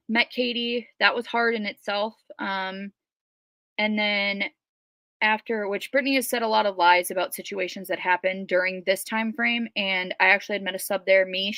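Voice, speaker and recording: Bright-voiced chatty Minnesotan woman. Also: medium pitch, no room sound. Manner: chatty, rambling, frequent ums. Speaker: guest. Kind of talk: casual livestream storytelling.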